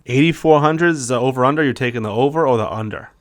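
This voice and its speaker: A man's voice: mid-range voice, fast. A man co-hosting a casual podcast, upbeat as he reads out market forecasts and quizzes his partner. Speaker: podcast co-host, realtor.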